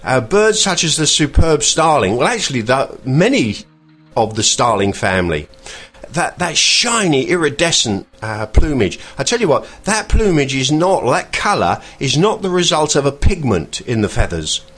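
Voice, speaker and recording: A man's voice: medium pitch, very animated, a bit bright, slightly rough. Rambling man podcasting. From England. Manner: rambling and chatty, pausing to search for words. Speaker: podcast host. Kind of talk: casual podcast monologue.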